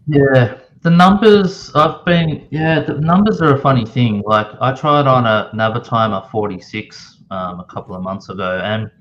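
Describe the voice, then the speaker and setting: A man's voice: mid-range voice, lively intonation, moderate pace, hardly any pauses, fairly bright tone, dull audio, slight background noise. A man joining a live watch chat over a video call, easygoing and rambling with lots of restarts.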